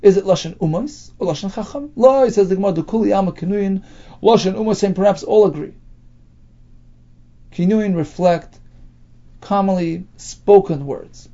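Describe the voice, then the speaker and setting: Male Talmud teacher, high and lively, gravelly; explains the text in a casual way, asking and answering his own questions; dull, lo-fi recording. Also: moderate pace.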